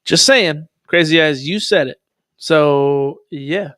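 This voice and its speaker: A man's voice: a little high, slow pace, fairly bright tone, no echo, studio quality. A male show host in casual commentary, reading a disclaimer aloud with profane, sarcastic asides and chatting with viewers. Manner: chats with viewers in a live chat.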